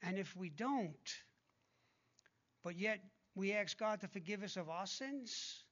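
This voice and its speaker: A man's voice: sits high, expressive, slow pace, fairly bright tone, lo-fi sound. A man preaching a sermon in an emphatic, conversational way, with blunt asides between scripture readings.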